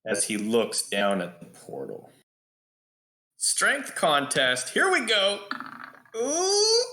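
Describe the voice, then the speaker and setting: A game master narrates a tabletop battle at an unhurried, deliberate pace. His voice carries a noticeable room echo. He stretches out his descriptions for drama. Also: mid-range voice, wildly swooping pitch, bright, forceful tone, slight background noise.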